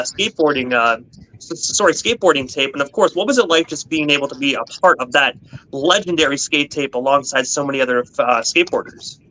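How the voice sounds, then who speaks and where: A man's voice: a little high, sharp tone, poor audio. A man hosting a radio interview who asks rambling questions full of "uh" and corrects himself as he goes. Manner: rambling, frequent filler uhs, self-correcting. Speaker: radio host.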